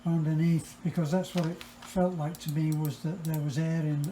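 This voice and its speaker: A man telling a travel story casually, explaining events step by step in a measured way. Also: fairly high pitch, little pitch movement, warm tone, a little hiss or hum. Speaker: co-host. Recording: roomy echo.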